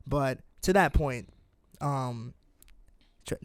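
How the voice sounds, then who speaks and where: A young man co-hosting a sports podcast, talking in rapid, animated bursts and often trailing off mid-sentence. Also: medium pitch, clean tone, no room sound. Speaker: podcast co-host. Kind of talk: casual sports chat.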